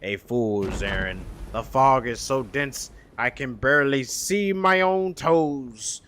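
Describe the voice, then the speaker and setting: A man putting on a pirate voice to play a frustrated, weathered pirate captain in a game, with slow, grandiose delivery over steady background noise. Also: mid-range voice. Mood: impatient.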